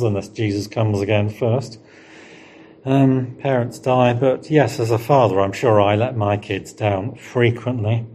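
A middle-aged man preaching a sermon, leaning on rhetorical questions and slowing down to stress key words. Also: lowish voice, dark tone, a little hiss or hum. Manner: rhetorical questions, emphatic rises and slowed stresses.

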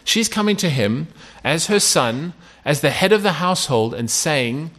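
A man's voice: a little high, expressive, moderate pace, hardly any pauses, a bit bright. A man preaching a sermon in a conversational way, often checking in with "okay?" and asking rhetorical questions.

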